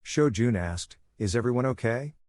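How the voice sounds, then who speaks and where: A man reading a scripted story recap in a steady, even narration. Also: mid-range voice, moderate pace, dry recording, clean studio sound.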